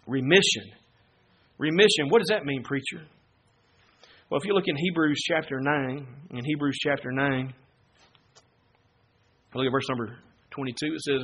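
High bright husky preacher guy, goes from quiet teaching to loud fired-up preaching. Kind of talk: sermon.

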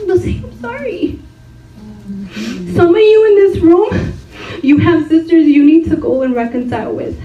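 In a church hall, a woman with an extremely high-pitched voice preaches to a women's gathering at a moderate pace, barely pausing, over soft background music in a lo-fi recording. As a women's ministry speaker she is animated, laughs frequently, and draws call-and-response replies from the audience. The distant mic captures the roomy space.

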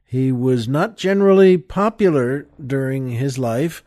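A man's voice: mid-range voice, lively intonation, a little slow, darkish tone, no echo, studio quality. An older man hosting a podcast, telling a joke in a rambling, chuckling way, with lots of fillers. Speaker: podcast host. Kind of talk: casual storytelling chat.

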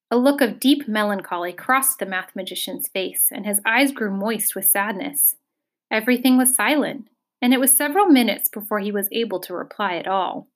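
A woman reading a children's novel aloud, giving the characters expressive voices. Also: mid-range voice, moderate pace. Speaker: audiobook reader. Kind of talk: storybook reading.

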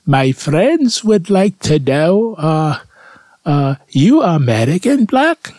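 A man voicing a naive young German village woman who asks halting, hesitant questions. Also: on the high side, very animated, a little mellow, dry recording, pitched above the performer's own voice, exaggerated voice. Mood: curious.

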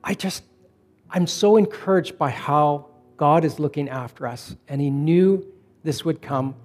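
A middle-aged man preaching a conversational sermon, telling personal stories in a relaxed way and slowing down to stress points. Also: on the high side. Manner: relaxed storytelling, slowing for emphasis. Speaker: pastor.

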